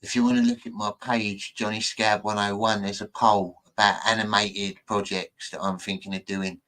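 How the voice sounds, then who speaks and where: Low, rambling streamer. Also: male voice, little pitch movement, normal speed, fairly bright tone, poor audio. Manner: rambling, jokey and boastful. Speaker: streamer reacting to clips. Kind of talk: casual chat.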